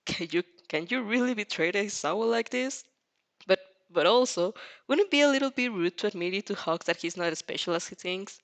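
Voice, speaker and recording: With an animated, slightly bright medium-pitched voice moving a little fast, a reader narrates fanfiction out loud in a laid-back way. They stumble over words frequently and keep breaking into laughter while reacting to the story.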